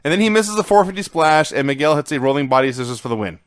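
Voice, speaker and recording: A man's voice: on the high side, expressive, rapid-fire, clean tone, dry recording. A man co-hosting a podcast, recapping old wrestling matches play by play in casual chat with a dry, matter-of-fact delivery. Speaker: podcast co-host.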